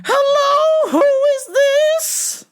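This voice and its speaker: A woman voicing an eccentric, preachy older woman caller who speaks in slow, sing-song blessings in a shrill, quavering voice. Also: exaggerated voice. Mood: preachy, pleading.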